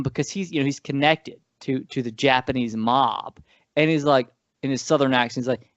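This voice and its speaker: A man co-hosting a casual movie-review podcast, rambling and animated, often correcting himself mid-sentence. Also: mid-range voice, fairly quick, no echo. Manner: rambling, animated, frequent self-corrections and laughs. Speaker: podcast co-host. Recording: dull lo-fi dry sound.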